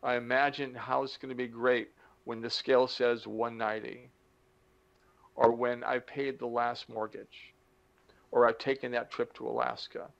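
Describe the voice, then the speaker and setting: Middle-aged male motivational speaker, gravelly, animated delivery with acted-out asides; slightly muffled recording. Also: mid-range voice. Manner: animated, acts out little dialogues with the brain; slows down to stress key points. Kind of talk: motivational talk to camera.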